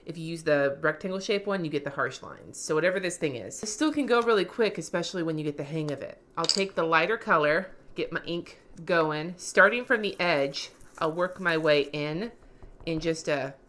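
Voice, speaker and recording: A woman vlogger giving a casual, slangy craft tutorial, cussing freely, her voice going a little hoarse. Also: deep voice, expressive, moderate pace, fairly bright tone, a little hiss or hum.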